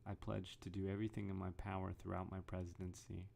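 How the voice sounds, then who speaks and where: Gravelly, low-voiced man vlogging. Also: little pitch movement, quick pace, darkish tone. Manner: rambling, restarts, reads headlines aloud. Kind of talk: casual commentary.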